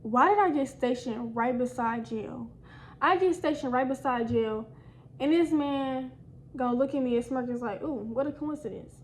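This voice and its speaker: A woman's voice: sits high, normal speed, a little hiss or hum, low-quality recording. A young woman telling a storytime to her viewers in a casual, slangy way, talking to them directly. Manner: animated, slangy, addresses viewers as y'all. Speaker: storytime vlogger.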